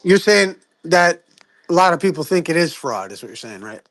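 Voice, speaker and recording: High-pitched guy holding forth in a group chat, emphatic, cusses a lot, talks in fast bursts. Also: big pitch swings, fairly bright tone. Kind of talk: casual group discussion.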